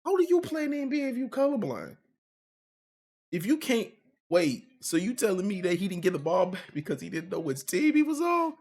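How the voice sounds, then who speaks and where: A man's voice: sits high, expressive, brisk, a little mellow. A man reacting to a clip with disbelief and laughter in casual talk. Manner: incredulous, laughing, repeats lines. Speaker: reaction channel host.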